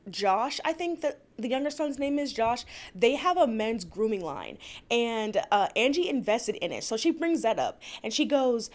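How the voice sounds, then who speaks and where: A woman vlogger recapping a reality TV episode in a casual, opinionated way, swearing freely. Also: fairly high pitch. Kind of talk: casual chat.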